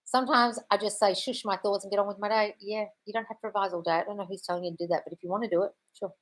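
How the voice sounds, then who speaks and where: Speaking very fast at a medium pitch with fairly even intonation, this woman is a manifestation coach fielding viewers' chat questions in a live Q&A. She answers bluntly, swears freely and calls people darling.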